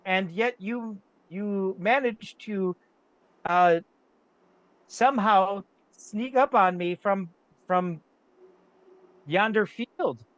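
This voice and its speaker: A man voicing a small, sly male rogue who flatters with overly formal, stumbling speech. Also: high voice, drawn-out words, long pauses, no echo, lo-fi sound, exaggerated voice. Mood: sly flattering. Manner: fumbling, overly formal speech full of restarts.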